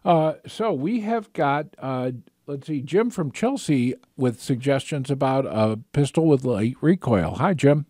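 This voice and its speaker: A man's voice: medium pitch, animated, measured pace, mellow, no room sound, studio quality. A man hosting a call-in radio show, chatting casually and loosely with many fillers and restarts. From Michigan.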